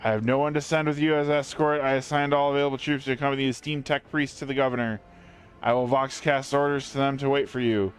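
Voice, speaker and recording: A man's voice: medium pitch, level tone, fast, smooth, soft background music, close to an everyday voice. A man reading a weary, dutiful sergeant's lines aloud from a game, in a formal report style. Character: weary male sergeant reporting to his superior.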